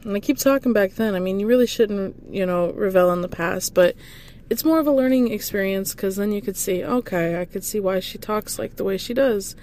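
A woman hosting her own podcast, rambling casually and goofily while encouraging her listeners with warm affirmations. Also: medium pitch, a little fast. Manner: goofy, rambling, hypes listeners up; affectionate, encouraging. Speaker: podcast host. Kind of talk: casual motivational monologue.

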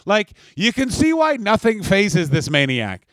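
Male podcast co-host, casual, sweary, fairly high voice, dry close sound. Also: huge pitch swings, measured pace, fairly bright tone, no echo. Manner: profane, riffing, mock-announcer bits. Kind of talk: casual chat.

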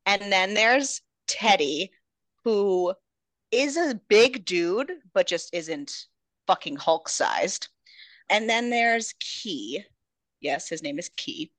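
A woman podcast host retelling a book in a casual, animated way, dropping into character voices. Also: mid-range voice, slow pace, dry recording. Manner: animated storytelling, jumps into characters.

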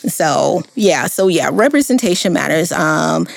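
A woman's voice: lowish voice, animated, unhurried, vocal fry, dry recording. A woman co-hosting a podcast, chatting casually and emphatically with lots of fillers. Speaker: podcast co-host. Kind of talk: casual chat.

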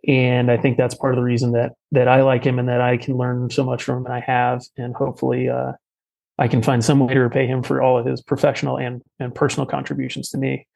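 Man, gravelly, mid pitch, casual storytelling, rambling, many fillers. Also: monotone, quick pace, darkish tone, rough recording. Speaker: podcast guest.

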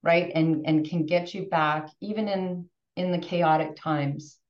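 Animated woman in her fifties, echoey and distant. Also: lowish voice, unhurried. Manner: animated, emotional, frequent restarts. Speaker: podcast guest. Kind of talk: casual podcast conversation. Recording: distant roomy muffled remote audio.

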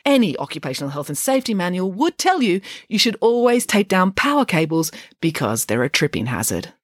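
A woman reading aloud and voicing a coolly logical schoolgirl detective who speaks flat and matter-of-fact. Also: on the low side, a little fast, dry recording, studio quality. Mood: deadpan.

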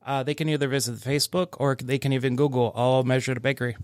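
A man's voice: medium pitch, flat delivery, fast talker, dry recording, clean studio sound. A man appearing as a podcast guest in casual chat, easygoing and a little hesitant.

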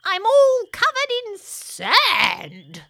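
Brief: a giddy little storybook ghost girl, squeaky, unhurried, music behind. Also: wildly swooping pitch, vocal fry, heavily acted. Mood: playful. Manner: sing-song, squeaky, wildly swooping voice. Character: playful mud-loving young female ghost creature. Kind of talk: storybook audio reading.

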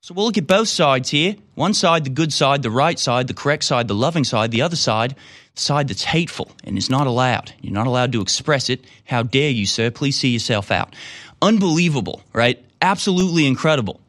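A man's voice: medium pitch, expressive, fairly quick, a bit bright, no room sound, studio quality. A man giving casual commentary on a clip in a sarcastic, emphatic way.

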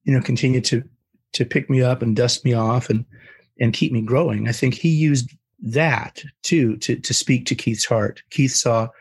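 An older man who is a guest on an interview, telling a story with animated, acted-out quotes. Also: mid-range voice, moderate pace, breathy edge.

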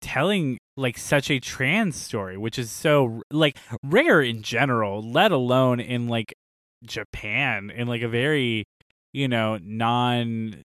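A young man co-hosting a podcast, swinging into lively, laughing storytelling as he acts out what people said. His voice sits in an ordinary middle pitch and sounds close and dry, with no room around it. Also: takes it slowly, no echo. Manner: animated storyteller, laughs often. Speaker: podcast co-host. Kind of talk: casual chat.

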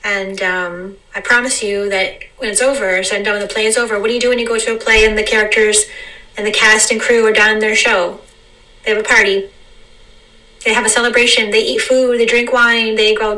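A woman talking unscripted in a meandering, reflective monologue, repeating phrases and slowing down to stress words. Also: medium pitch, little pitch movement, sharp tone, distant mic, rough recording. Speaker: vlogger.

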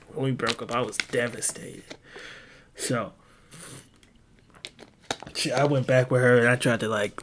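A man's voice: mid-range voice, a bit bright, a little hiss or hum. A young man hosting a podcast, telling rambling, profane stories in casual chat. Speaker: podcast host.

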